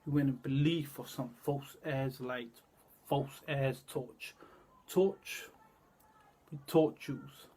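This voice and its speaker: A man speaks slowly in a steady tone, delivering a rambling, cryptic monologue. He repeats words and drifts between low murmurs and loud outbursts.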